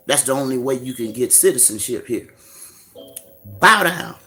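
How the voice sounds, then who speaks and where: A man's voice: a little high, lively intonation, normal speed, pushed and bright. A man giving a profane, mocking preaching rant in street slang, firing off rhetorical questions. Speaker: religious commentator.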